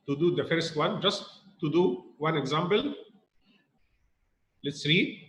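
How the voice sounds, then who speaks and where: A man teaches a grammar point to students, repeating himself and asking whether it is clear. His voice sits high for a man, and it rings around a reverberant room. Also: a bit bright. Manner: repeats points, asks students rhetorical questions. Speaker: English teacher. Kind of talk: recorded grammar lesson.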